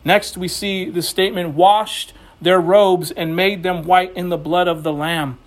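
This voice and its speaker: A man with a notably high voice preaches to his church. He speaks in a loose, folksy way, scattering "you know" through his sentences as he goes from chatty remarks to reading scripture. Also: steady tone, measured pace. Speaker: pastor. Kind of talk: conversational sermon. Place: church building.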